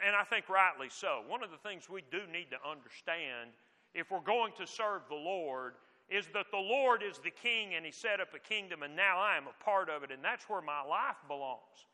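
A man's voice: high voice, bright, forceful tone. A man preaching a sermon in a conversational, emphatic teaching manner. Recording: long hall reverb.

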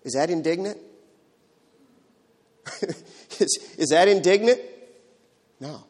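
A man preaching a sermon in a dramatic way, swinging from loud to hushed. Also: on the high side, takes it slowly. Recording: long hall reverb.

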